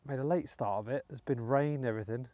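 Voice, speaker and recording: A man's voice: medium pitch, quick pace, dark tone, dry recording. A British man hosting a metal detecting vlog, chatting casually to viewers as he digs outdoors in a wet field, with muttered asides. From United Kingdom. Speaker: metal detecting channel host. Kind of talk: casual vlog commentary while digging.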